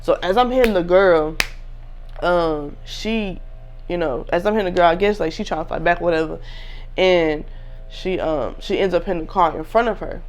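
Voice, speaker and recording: A woman's voice: fairly low pitch, moderate pace, a little hiss or hum. A young woman in her twenties casually telling a personal story to viewers, candid and full of slang.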